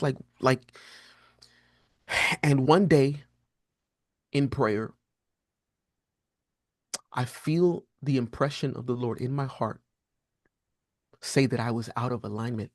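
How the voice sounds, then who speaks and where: A man in his thirties, a guest on a podcast, telling a personal story in a casual, earnest way. He often restarts and fills his speech, and his voice jumps much higher when he quotes himself. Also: unhurried, pauses often, no echo, clean studio sound. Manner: animated, rises sharply in pitch when quoting himself; frequent fillers and restarts, earnest and candid. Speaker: podcast guest, prophetic teacher.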